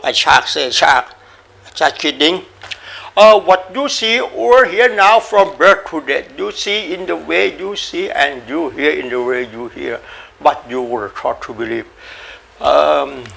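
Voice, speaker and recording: Gravelly, bright-voiced man giving a dharma talk. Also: on the high side. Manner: repetitive, halting, coughs and says sorry, playful animal sounds. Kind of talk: informal spoken dharma talk.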